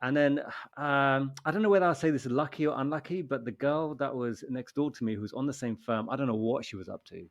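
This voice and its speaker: A man hosts a relaxed podcast conversation. He talks at a mid pitch and a brisk, hurried pace. He tells his stories in an animated way. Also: highs cut off. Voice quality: fast, animated storytelling. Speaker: podcast host. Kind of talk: casual chat.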